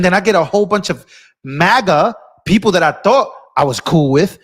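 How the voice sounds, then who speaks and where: A young man with a high, fairly bright voice speaks animatedly at a moderate pace. Hosting a political live stream, he rants in a heated, impassioned way, talking straight to viewers and calling them bro and y'all.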